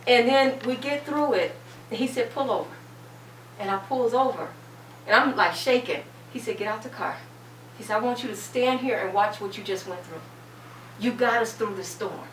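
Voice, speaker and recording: On a panel, a middle-aged cancer survivor gives a fervent, preacher-like testimony, driving points home by repeating phrases. Her voice is on the high side at normal speed, recorded in an echoey room through a distant mic with a faint hum.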